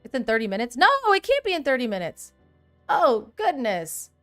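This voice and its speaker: Woman streamer chatting away to her viewers, kinda high, smooth clear voice, faint music behind. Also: moderate pace. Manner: animated, chatty, reads chat aloud, laughs often. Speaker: livestream host. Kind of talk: casual livestream chat.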